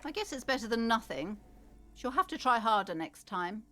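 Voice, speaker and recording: A proud, pushy shopkeeper lady from a video game, with a high, shrill voice that leaps all over the place. She talks like a saleswoman who expects answers. The sound is close and dry. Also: sing-song, normal speed, fairly bright tone, no echo. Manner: bossy, salesy. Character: proud pushy middle-aged woman shopkeeper.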